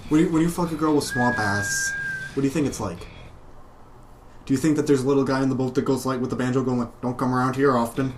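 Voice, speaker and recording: A man's voice: medium pitch, fast, pauses often, faint music behind. A man co-hosting a casual comedy chat and spinning long improvised stories. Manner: rambling improvised storytelling. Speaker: podcast co-host.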